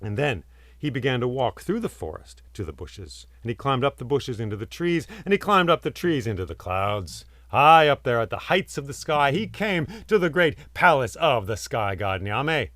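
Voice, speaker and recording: Expressive male storyteller, dry close sound. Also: medium pitch, moderate pace, dry recording. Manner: expressive, lingers on vivid words, drops to hushed tones. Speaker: storyteller and podcast host. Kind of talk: oral storytelling.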